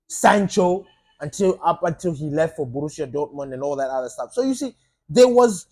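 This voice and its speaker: A man rants in a casual, animated monologue as a football fan channel host. His voice sits on the higher side for a man, and he swears casually and circles back to repeat his points.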